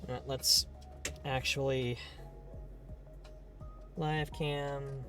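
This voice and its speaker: A man's voice: medium pitch, little pitch movement, drawn-out words, music in the background. A man streaming a game live, chatting casually in a rambling, playful way and swearing now and then.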